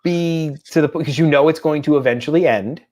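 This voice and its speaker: Chatty dad telling animated stories. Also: male voice, on the high side, a little fast. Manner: chatty, animated storytelling with voiced impressions. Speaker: podcast co-host. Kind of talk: casual chat.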